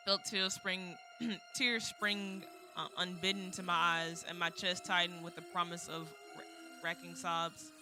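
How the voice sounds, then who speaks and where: A woman's voice: on the low side, level tone, unhurried, over music. A woman streamer reading a visual novel aloud, moving from dramatic narration to flustered, exasperated asides.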